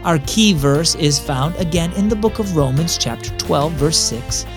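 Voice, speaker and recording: A man's voice: on the high side, animated, moderate pace, over music. A man hosting a children's devotional program, narrating a story in a friendly, encouraging way into a close studio mic. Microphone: studio mic, dry close sound.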